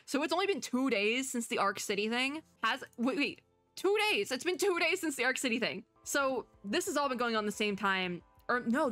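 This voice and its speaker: A young woman streaming a game, reading the story text aloud and excitedly talking back at the characters on screen. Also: mid-range voice. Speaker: VTuber.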